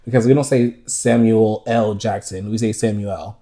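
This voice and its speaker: A man from the United States co-hosting a podcast, telling stories in a lively, profane, laughing way. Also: fairly low pitch, moderate pace. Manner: animated, profane, laughing storyteller. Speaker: podcast co-host. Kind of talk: casual chat.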